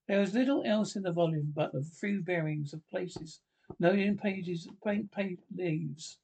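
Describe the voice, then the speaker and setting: A man reading a classic adventure novel aloud, in a halting way with restarts and slips. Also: high voice, creaky, a little mellow, husky. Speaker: audiobook reader.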